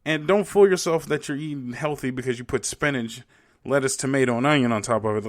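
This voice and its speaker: A young man rants on his own podcast into a home microphone, swearing freely and pressing each point hard. His voice sits at an ordinary middle pitch for a man. He talks in a loose, casual way, with frequent fillers. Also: fairly quick. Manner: profane, emphatic, ranting with laughs. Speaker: podcast host. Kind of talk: casual solo podcast rant. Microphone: home podcast mic.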